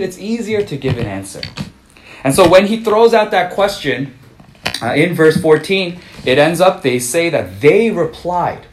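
A man's voice: a little high, animated, unhurried, reverberant, a little hiss or hum, low-quality recording. A man giving a conversational sermon, full of fillers and restarts, telling a story before turning to scripture. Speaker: pastor.

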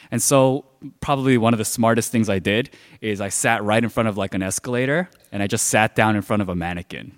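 A man with a lowish voice speaks fairly quickly, delivering a sermon as a pastor telling a personal story. His style is conversational and leans heavily on the filler "like." Long hall reverb is audible throughout.

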